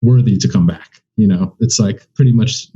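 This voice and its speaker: Opinionated man, dark lo-fi voice. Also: on the low side, moderate pace, husky. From United States. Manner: candid, rambling, opinionated. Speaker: comedian guest. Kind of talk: casual conversation.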